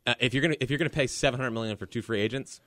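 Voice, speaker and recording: A man in his twenties co-hosting a sports podcast, opinionated and quick, with lots of casual fillers. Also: medium pitch, fairly bright tone, dry recording, studio quality. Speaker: podcast co-host.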